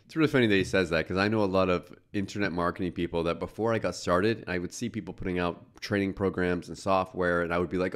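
A man's voice: sits low, fairly even intonation, fast, hardly any pauses. A man hosting a reaction video, commenting casually on a clip he plays, with frequent filler words.

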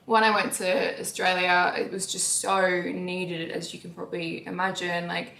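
A young woman talks straight to her viewers in a confessional vlog, her voice carrying a gravelly fry. She sounds emotional and candid, shifting from quiet, deflated phrases to louder, pleading bursts. The room around her is noticeably echoey. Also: fairly low pitch, flat delivery, normal speed. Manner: emotional and candid, swings between soft sighs and raised outbursts. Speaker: YouTuber.

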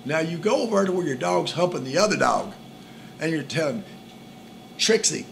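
A man's voice: on the high side, animated, normal speed, gravelly, pauses often. A man co-hosting a casual joking chat about dating, rambling and repeating himself as he goes. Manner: rambling, repeats "and all" and "it's like". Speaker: co-host giving dating tips. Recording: noisy background.

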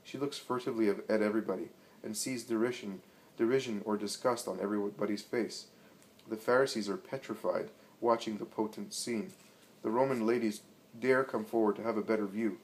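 Low-voiced man narrating a story. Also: steady tone, low-quality recording. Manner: measured, dramatic reading.

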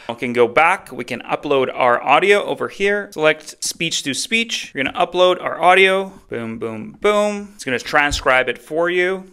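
A man's voice: medium pitch, vocal fry, sharp tone. A man hosting a casual tutorial, explaining in a chatty, upbeat way. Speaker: tutorial host. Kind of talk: casual screen-recorded tutorial.

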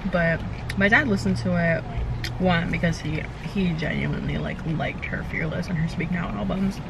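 A woman's voice: lowish voice, moderate pace, creaky, dull audio. Chatty young woman vlogging from a car. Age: young adult. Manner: chatty, storytelling, laughs often. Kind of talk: casual car chat. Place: parked car outdoors. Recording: distant mic with loud street noise.

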